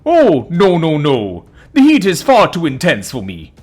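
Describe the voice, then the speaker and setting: Male narrator doing a high, blaring NPC bear dad for a story reading: whiny, melodramatic, looping one line. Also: huge pitch swings, unhurried, a little mellow, soft background music, exaggerated voice. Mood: panicky. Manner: repeats the same panicky line. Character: stiff game NPC father bear, whiny and dramatic.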